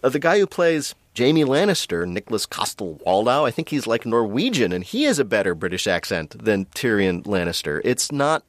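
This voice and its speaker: Lively laughing male co-host. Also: mid-range voice, moderate pace, few pauses, no room sound. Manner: animated, laughing storyteller. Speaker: podcast co-host. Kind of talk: casual chat.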